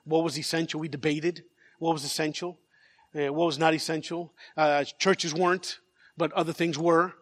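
A man's voice: on the high side, little pitch movement, moderate pace, fairly bright tone, big-room sound. A man preaching a sermon as pastor, telling a story with animation, repeating words and joking with the congregation. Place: large church.

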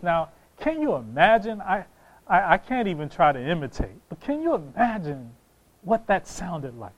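A man's voice: sits high, big pitch swings, normal speed, rough recording. A man preaching a sermon, impassioned, reading scripture aloud and repeating phrases for emphasis.

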